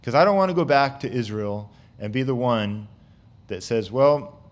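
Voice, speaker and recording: A man's voice: medium pitch, expressive, moderate pace, close to an everyday voice. A man paraphrasing an angry prophet who rants bitterly to God in his sermon. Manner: bitter, self-pitying ranting. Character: resentful, angry male prophet complaining to God.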